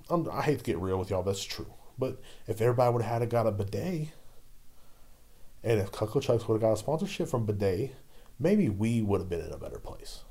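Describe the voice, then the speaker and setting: A man's voice: lowish voice, a little mellow. A young man ranting casually and profanely, rambling and repeating "you know what I'm saying.". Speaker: vlogger; liquor store worker. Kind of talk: casual rant.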